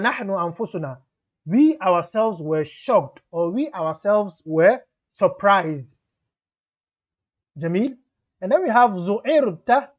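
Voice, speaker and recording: High-voiced man explaining grammar patiently. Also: highs cut off. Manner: explains step by step, repeats and rephrases examples; switches between English and Arabic grammar terms. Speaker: Arabic grammar teacher. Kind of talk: explanatory lesson.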